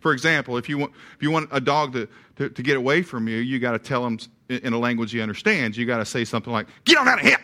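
Bright-voiced preacher telling stories. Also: male voice, medium pitch, quick pace, hardly any pauses. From eastern Kentucky. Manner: folksy storyteller, animated, with repeated words and restarts. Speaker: pastor. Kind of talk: sermon with a humorous story.

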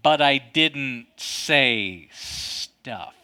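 A man preaching a sermon, telling a personal story with a loud, booming voice. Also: expressive, extremely slow, a little hiss or hum. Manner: storytelling, dramatic, self-mocking. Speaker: pastor.

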